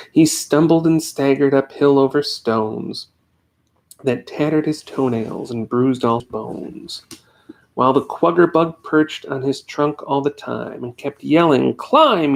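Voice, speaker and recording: Guy reading a kids' rhyme book at home, bit gravelly, does little voices. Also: mid-range voice. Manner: lively voices for the characters. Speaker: reader. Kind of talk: reading a children's story aloud. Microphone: USB desk microphone on a tripod.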